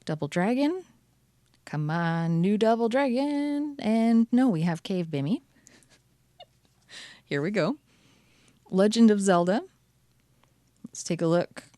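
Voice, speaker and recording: A woman's voice: fairly low pitch, darkish tone, no echo, clean studio sound. A woman hosting her channel, chatting cheerfully through card packs with wry asides. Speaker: channel host. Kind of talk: casual card-opening commentary.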